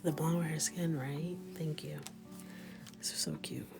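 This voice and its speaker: Low-voiced woman in whispered coloring chat. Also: fairly even intonation, unhurried, music in the background. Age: 30s. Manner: mostly whispered, joking, bursts into loud shouts. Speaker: coloring livestreamer. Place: small closet with a ring light.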